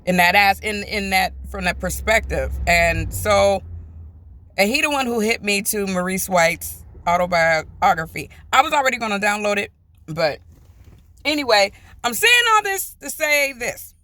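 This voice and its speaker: A woman from the US telling a personal travel story in a chatty, animated vlog, acting out what people said. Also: mid-range voice, normal speed. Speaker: vlogger. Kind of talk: casual storytime.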